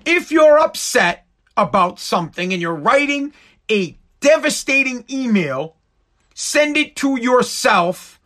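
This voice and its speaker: A man with a radio background, talking in an animated, emphatic rant and swearing freely. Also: very high voice, slow pace. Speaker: radio personality. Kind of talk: casual profane rant.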